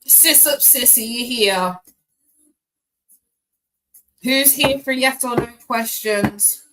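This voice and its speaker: A woman's voice: on the high side, slow, fairly bright tone, a little hiss or hum, rough recording. A woman hosting a live tarot stream, chatting casually with viewers by name in slangy, loose talk.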